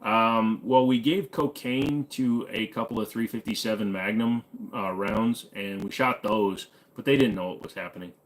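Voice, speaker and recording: A man's voice: on the low side, normal speed, hardly any pauses. An American man hosting a casual live stream, reading viewer comments and answering in a laid-back, joking way with plenty of "uh" fillers. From United States. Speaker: host.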